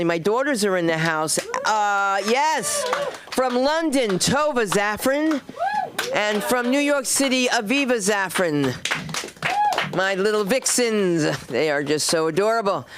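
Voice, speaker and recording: A woman's voice: lowish voice, a little hiss or hum. A middle-aged woman hosting an open mic, telling loose, digressive stories on a comedy club stage into a handheld mic and acting out the people in them. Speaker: stand-up comic and host. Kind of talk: rambling stand-up set.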